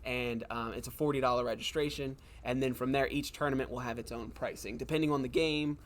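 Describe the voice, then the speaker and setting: A man who owns a gaming lounge, calmly explaining tournament details with frequent ums in a casual interview. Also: medium pitch, a little fast, slight background noise. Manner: explains plainly, with many ums and rights.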